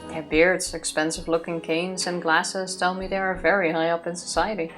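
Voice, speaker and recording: A woman reading a visual novel's narration aloud for a let's play. Her voice is somewhat low for a woman and steady, with faint music in the background. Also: moderate pace. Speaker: let's play co-host reading the game text.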